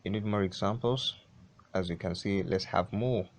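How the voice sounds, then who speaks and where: A man teaching English pronunciation, saying each word slowly and repeating it several times. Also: low voice, slight background noise. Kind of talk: pronunciation lesson.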